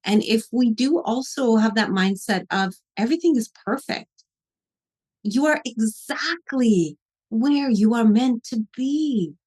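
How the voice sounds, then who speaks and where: A woman podcast host reflecting aloud in conversation, warmly affirming her guest. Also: a little high, lively intonation, unhurried, slightly rough.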